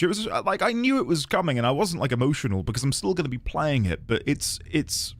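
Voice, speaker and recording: A man's voice: on the high side, sing-song, fast, few pauses, dry recording. A man streaming a game, chatting casually and greeting viewers by name.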